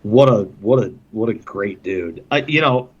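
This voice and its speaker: A man's voice: on the low side, lively intonation, normal speed, muffled recording, slight background noise. A man, a hockey broadcaster on a podcast, telling casual stories and laughing often as he talks. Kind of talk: casual storytelling.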